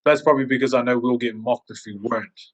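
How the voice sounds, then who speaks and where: A man's voice: mid-range voice, fairly even intonation, fast. A man co-hosting a podcast, chatting casually and acting out quoted voices as he tells stories. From Samoan heritage. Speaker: podcast co-host. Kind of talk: casual chat.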